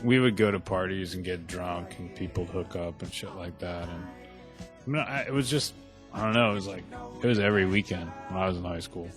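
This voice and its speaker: A man's voice: low voice, a little fast, music in the background. A man co-hosting a casual podcast, tossing in dry, wisecracking replies. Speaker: podcast co-host.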